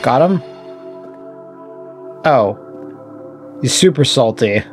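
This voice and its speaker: A man's voice: medium pitch, lively intonation, very slow, music in the background. A man casually commenting while he plays a video game, wry and jokey, swearing and talking to the enemies. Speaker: gaming channel host. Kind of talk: casual let's-play commentary.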